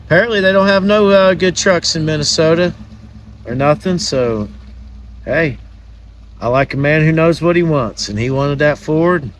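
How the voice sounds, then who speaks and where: Folksy male car-shop vlogger, slightly high. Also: normal speed, slight background noise. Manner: folksy, joking, gives plain advice. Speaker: vlog host and car restorer. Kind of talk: casual chat and work narration.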